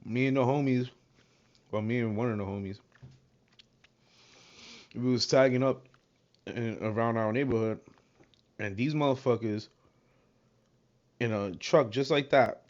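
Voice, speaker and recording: A man with a New York accent tells a street story to his stream in casual, profane slang. His voice sits at an ordinary pitch, and the audio is a little dull and muffled. He gets loud and animated as he retells the action. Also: a little slow, long pauses. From Brooklyn, New York. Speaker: livestream host.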